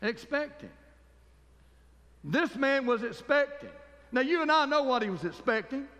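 A man's voice: very high voice, very animated, measured pace, a bit bright, in a large hall. A man preaching a fervent sermon as pastor, calling for amens from the congregation.

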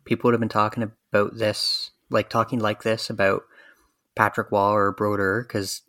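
Male co-host, lowish voice, thoughtful, trips over openings. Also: little pitch movement, normal speed, pushed and bright, dry recording, studio quality. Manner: thoughtful, stumbles on starts. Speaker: podcast co-host. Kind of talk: casual sports chat.

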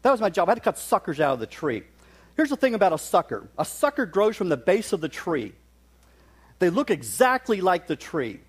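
A man's voice: high voice, sing-song, brisk, breathy edge. A middle-aged man from West Virginia, preaching a sermon in a folksy, storytelling manner with touches of humor.

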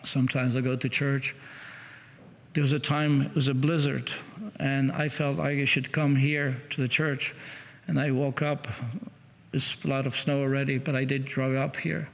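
A man preaching, retelling another man's conversion story in a halting, repetitive way, with many restarts. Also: medium pitch, flat delivery, gravelly. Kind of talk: sermon storytelling. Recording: long hall reverb.

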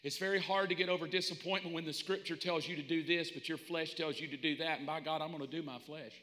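A male pastor preaches with great emphasis, swinging from loud declarations to quiet, hushed asides. His voice is high and very bright. A long reverb rings through the sanctuary. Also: steady tone, fast. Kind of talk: sermon.

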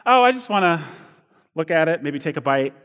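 A man's voice: fairly high pitch, lively intonation, fairly quick, a bit bright, in a large hall, voice pushed up. A man voicing his young wife in a raised, sweet, mock-innocent tone while he preaches. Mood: coy.

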